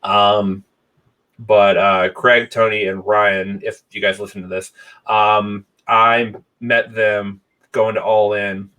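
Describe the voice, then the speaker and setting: A man's voice: fairly low pitch, flat delivery, takes it slowly, pushed and bright, distant mic, muffled recording. A man hosting a casual wrestling podcast, rambling with many ums and restarts. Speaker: podcast host.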